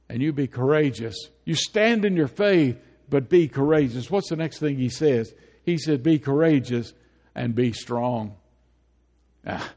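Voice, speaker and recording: A male pastor delivering a sermon in a somewhat high voice. He drives his points home with repeated phrases and rhetorical questions. His voice rings with the long reverb of a church hall. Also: animated, unhurried, a little mellow. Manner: repetitive preaching with rhetorical questions.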